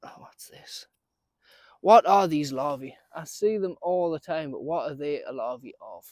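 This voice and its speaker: A man's voice: on the high side, expressive, moderate pace, darkish tone, no echo, studio quality. A man giving a casual, chatty running commentary while he works on his allotment garden outdoors, often laughing and talking to himself.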